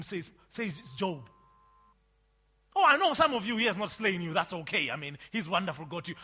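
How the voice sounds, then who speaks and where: Animated, high-voiced male preacher. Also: normal speed, slightly rough. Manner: emphatic, swings from loud outbursts to quiet asides. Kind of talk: sermon.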